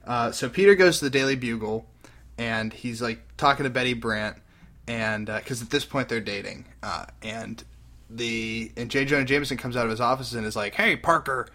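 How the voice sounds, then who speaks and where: A young man casually retelling a comic book story on a podcast, animated and slipping into character voices. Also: medium pitch, moderate pace. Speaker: podcast host recapping a comic. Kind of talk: casual chat.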